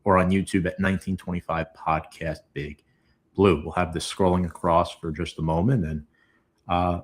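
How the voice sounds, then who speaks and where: A man's voice: low-pitched, steady tone, normal speed. A man hosting a podcast in an upbeat, friendly way. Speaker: podcast host.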